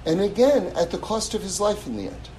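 High-voiced male teacher giving an animated, casual scripture lesson. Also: fairly quick, slight background noise, poor audio. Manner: animated, chuckling, repeats words while thinking. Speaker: religious teacher.

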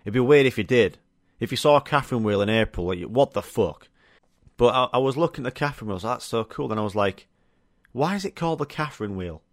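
A man's voice: mid-range voice, fast talker, no echo, studio quality. A young man hosting a solo podcast, chatting casually and swearing through rambling stories. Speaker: podcast host.

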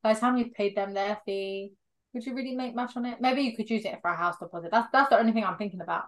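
A woman's voice: medium pitch, quick pace. A young woman co-hosting a casual chat podcast, giggly and casual, using loose slang. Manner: giggly, casual slang, tired by the end of the week. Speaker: podcast co-host.

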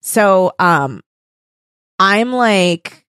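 Chatty young woman with lively pitch. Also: very slow, clear, resonant tone. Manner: chatty, giggly, acts out little scenes. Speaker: podcast co-host. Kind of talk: casual chat.

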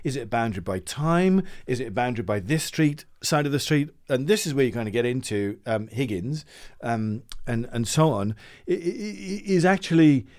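A man's voice: mid-range voice, expressive, moderate pace, few pauses, darkish tone. A man explaining ideas in a casual conversation as a voice coach, with frequent stammered restarts.

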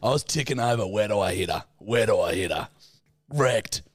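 A young man co-hosting a podcast, loud and laughing in his banter and swearing freely. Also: on the low side, expressive, moderate pace, dry recording, clean studio sound. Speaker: podcast co-host. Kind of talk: casual chat.

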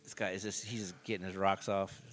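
A man's voice: low voice, flat delivery, a little fast, fairly bright tone. A man casually riffing on a movie as co-host, sarcastic and profane.

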